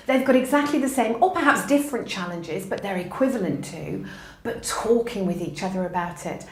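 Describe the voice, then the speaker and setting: A woman's voice: mid-range voice, darkish tone. A middle-aged woman, a university educator, answering interview questions in an emphatic, encouraging way and telling anecdotes. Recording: echoey room.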